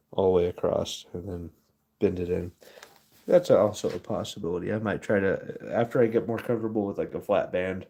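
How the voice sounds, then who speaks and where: A man's voice: low-pitched, creaky, dark tone. A man hosting a casual livestream, chatting to viewers in an easygoing way while he works at his furnace and reads comments. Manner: slow, easygoing, talks to chat while working. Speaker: livestream host.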